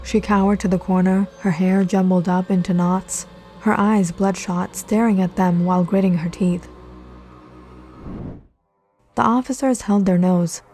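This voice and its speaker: A woman narrating a scripted horror story in a steady, measured way. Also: medium pitch. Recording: loud music behind. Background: music.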